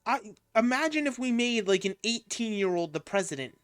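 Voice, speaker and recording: A woman's voice: on the high side, animated, a little fast, clear, resonant tone, no echo, studio quality, soft background music. A woman streaming a game and chatting casually, candid and swearing now and then. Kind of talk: casual gameplay commentary.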